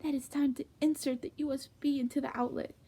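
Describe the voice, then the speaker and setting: A woman reading comedic fanfic aloud in a hushed, half-whispered voice with sudden jumps in pitch. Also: flat delivery, quick pace. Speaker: fanfic reader.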